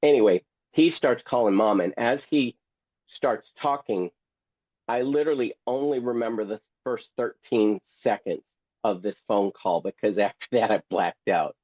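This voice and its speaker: A man's voice: on the low side, moderate pace, no echo, highs cut off. A man who is a guest and memoir author, telling a story theatrically and with humor, acting out other people's voices. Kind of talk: storytelling, reading from his memoir.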